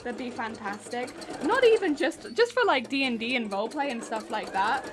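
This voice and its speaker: A woman's voice: fairly high pitch, expressive, moderate pace, noisy background. A woman streamer chatting casually with viewers while she does machine embroidery, laughing often and poking fun at her own grating voice. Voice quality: grating, honking voice.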